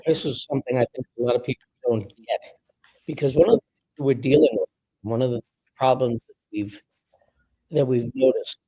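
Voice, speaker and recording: A man hosting a panel discussion, talking in a measured, conversational way and bringing guests in. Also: medium pitch, mellow, slightly rough, dry recording, poor audio. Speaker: show host.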